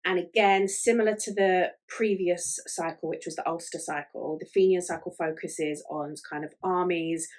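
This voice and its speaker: Woman, podcast host, casual solo chat, lots of fillers, slightly low voice. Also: fairly even intonation, moderate pace, few pauses, darkish tone. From Ireland. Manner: chatty, with many fillers like "um" and "like".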